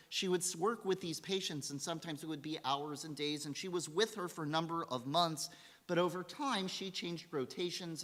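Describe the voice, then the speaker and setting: A man giving a holiday sermon as rabbi, telling a story and acting out the quotes in a lively way. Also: a little high. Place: synagogue sanctuary. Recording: long hall reverb.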